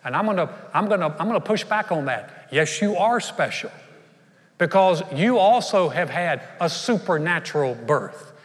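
A man preaching from the pulpit, his somewhat high voice rising in loud, emphatic bursts and then dropping to a hush. The sound carries a long, ringing reverb, as if caught in a large church sanctuary. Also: lively intonation, moderate pace. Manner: emphatic preaching, swinging between loud bursts and hushed lines. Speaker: pastor. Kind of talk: sermon.

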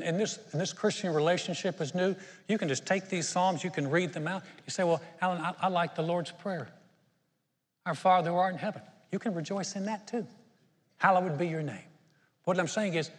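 An older male pastor preaches in an earnest, conversational way and often restarts his sentences. His voice sits a little high for a man. It rings out with a long reverb that fills the auditorium. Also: moderate pace. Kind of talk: sermon.

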